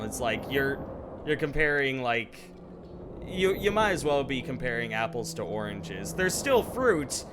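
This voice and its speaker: A man's voice: medium pitch, big pitch swings, unhurried, noisy background. A man streaming live, chatting casually while gaming and rambling with lots of fillers. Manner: rambling, with frequent ums and likes.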